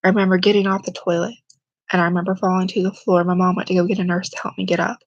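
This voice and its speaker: A young woman telling a personal story to camera, speaking quietly and haltingly, close to tears. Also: fairly low pitch, flat delivery, no room sound, highs cut off. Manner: quiet, halting, emotional, holding back tears. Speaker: vlogger.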